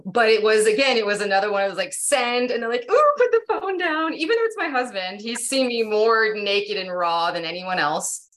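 A woman guest on a podcast, candidly telling a personal story in a lively, casual way. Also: medium pitch, normal speed, few pauses. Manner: animated, candid, many "like" fillers. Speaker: podcast guest, yoga teacher.

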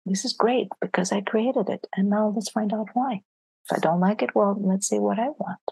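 A woman's voice: mid-range voice, moderate pace, gravelly, darkish tone, husky, no echo, poor audio. A woman being interviewed as a leadership coach, talking earnestly in casual conversation and dropping to a near-whisper for emphasis.

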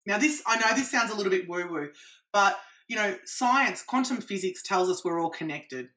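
A woman practitioner, a guest in an interview, explaining her methods in an animated way with examples. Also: mid-range voice, normal speed.

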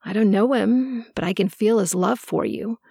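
A motherly, centuries-old seer woman, calm and soothing, as a female narrator plays her. Her voice carries a gravelly texture in a dry, close recording. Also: medium pitch, normal speed, no room sound.

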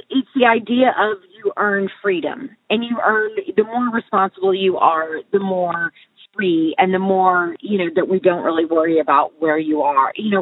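Middle-aged female co-host, a rambling talker, husky, dry phone-like audio. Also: medium pitch. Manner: rambling, restarts often. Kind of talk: casual conversation about parenting. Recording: tinny phone-like sound.

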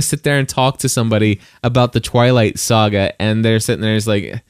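A man's voice: lowish voice, fairly even intonation, fairly quick, smooth, dry recording, clean studio sound. A man co-hosting a casual book-discussion podcast, switching between reading novel passages aloud and rambling, self-interrupting chat with chuckles.

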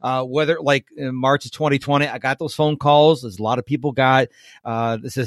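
A man's voice: medium pitch, fairly even intonation, a little fast, dry recording, studio quality. A man hosting a podcast, talking in an upbeat, enthusiastic way and laughing easily. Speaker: podcast host. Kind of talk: casual podcast interview.

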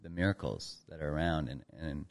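A man from Canada with a very deep voice speaks as a podcast guest. He talks in an easygoing, thoughtful way, pausing with ums and you-knows as he goes. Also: gravelly. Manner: easygoing, reflective, with fillers. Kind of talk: casual podcast interview.

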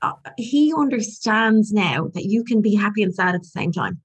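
A woman's voice: medium pitch, expressive, normal speed, breathy edge. A woman in her forties, a podcast guest, talking in an earnest, reflective way with frequent restarts. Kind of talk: candid conversational interview.

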